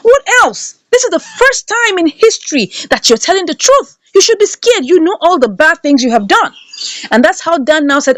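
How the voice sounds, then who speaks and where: High, lively indignant woman. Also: fairly quick, no echo. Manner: indignant, emphatic, repeats lines for effect. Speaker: movie reviewer. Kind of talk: animated movie recap and commentary.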